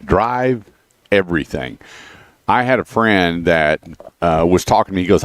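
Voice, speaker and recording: Low-voiced chatty male radio host. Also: animated, a little slow, dry recording. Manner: chatty storyteller, repeats the phone number. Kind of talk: casual radio chat with car dealer plugs. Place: radio studio.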